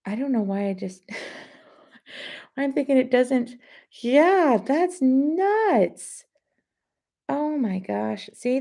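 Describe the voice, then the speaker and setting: A woman's voice: a little high, gravelly, mellow. A woman hosting a casual live stream, rambling chattily and answering viewer comments as she talks.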